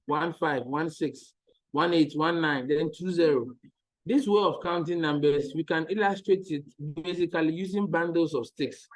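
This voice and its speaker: A man's voice: fairly high pitch, low-quality recording. A man teaching maths in an online lesson, patiently repeating each step and checking that the students follow.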